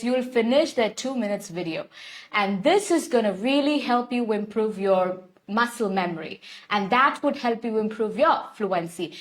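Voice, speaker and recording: A young woman with an Indian English accent teaching an online English class, explaining steps at length and greeting viewers by name. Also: fairly high pitch. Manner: repetitive, instructive, addresses viewers by name. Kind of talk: live online lesson.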